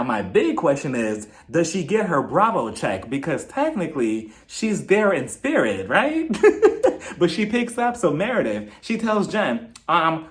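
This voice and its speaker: A man giving a casual, giggly and sarcastic recap review of a reality show. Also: high voice. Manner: giggly, sarcastic, acts out quotes.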